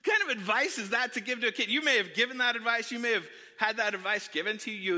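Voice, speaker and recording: A middle-aged pastor delivers a sermon built on lively, self-deprecating personal stories, frequently addressing the congregation directly. His voice is high for a man, bright and sharp, and he talks quickly with hardly a pause. A large church hall gives the recording a long reverb.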